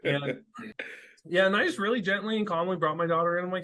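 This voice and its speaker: A man's voice: high voice, fairly quick, long pauses. A young adult man talking casually as an interview guest, filling his speech with "like" and "you know" and acting out quotes. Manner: animated storyteller, acts out quotes with filler-heavy speech.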